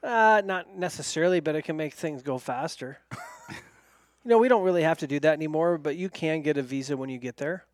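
A man speaking as a guest in a casual talk show, matter-of-fact and relaxed. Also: on the high side, brisk, no room sound, studio quality. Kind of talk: casual chat.

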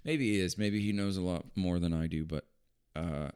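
A man's voice: low-pitched, normal speed, a little mellow, clear, resonant tone. A man chatting casually as a podcast co-host, joking around and reacting often. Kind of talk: casual chat.

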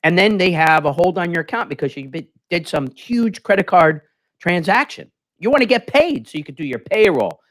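A man's voice: high-pitched, sing-song, normal speed, fairly bright tone. A man hosting a business talk show, ranting emphatically and acting out phone calls in a casual way. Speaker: host.

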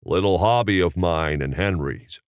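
A man's voice: low-pitched, a little slow, clear, resonant tone, no echo, clean studio sound. A man voicing a folksy, drawling middle-aged movie star with a hesitant manner. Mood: genial. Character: Jimmy Stewart impression, folksy stammering middle-aged man.

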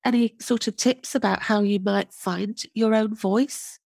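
Woman podcast host and counselor, mid pitch, casual and hedging, dry close recording. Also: steady tone, a little slow, creaky, a little mellow, no echo. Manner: hedging, conversational, "I mean".

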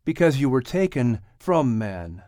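A man voicing the first man, a tender young husband, speaking slowly and solemnly in a storybook reading. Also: mid-range voice, big pitch swings, dark tone, no echo, clean studio sound.

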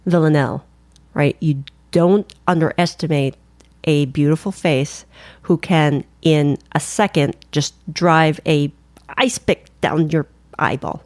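A woman's voice: deep voice, a little mellow, dry recording. A woman co-hosting a podcast, chatting casually in a bubbly, jokey way. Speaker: podcast co-host. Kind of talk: casual chat.

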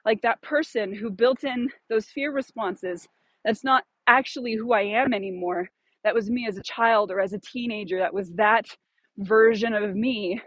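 A woman's voice: medium pitch, moderate pace, no echo. A woman hosting a podcast in casual chat, thoughtful and searching, with plenty of fillers and restarts. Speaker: podcast host.

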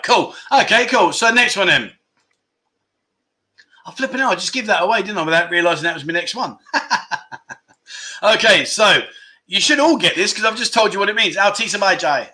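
A chatty middle-aged man hosting a relaxed livestream from home. His voice is bright and sits a little high, and he rambles, stops mid-sentence and chuckles at his own mix-ups. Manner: chatty, self-interrupting, laughing at his own slips. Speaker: livestream host. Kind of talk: casual livestream chat.

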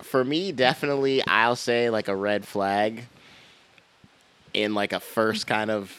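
Young man, low voice, casual podcast chat, teasing, laid-back. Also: fairly even intonation, measured pace, a bit bright, clean tone, dry recording. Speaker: podcast co-host.

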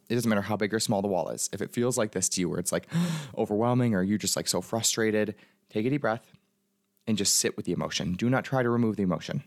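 A male life coach tells a personal story in a casual, chatty way, packed with fillers and retold inner thoughts. His lowish voice is fast and animated, captured as clean studio sound with no room sound.

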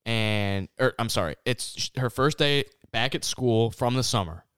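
A man's voice: mid-range voice, animated, moderate pace, a bit bright, clear, resonant tone, dry recording, studio quality. A young man co-hosting a podcast, chatting casually, laughing often and mock-reading a story in a sarcastic voice. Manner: laughs often, reads lines in a sarcastic put-on voice. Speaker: podcast co-host.

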